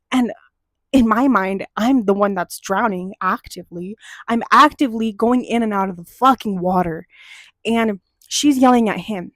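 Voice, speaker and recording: A young woman hosting a chat show, telling a childhood story in a casual, animated way and swearing freely as she gets heated. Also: a little high, no echo.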